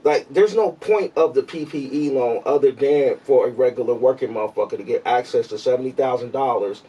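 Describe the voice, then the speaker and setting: A man hosting a podcast, arguing in a laid-back way with quick bursts and plenty of swearing. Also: medium pitch, dark tone, breathy edge, recorded from a distance, muffled recording. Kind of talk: casual debate chat.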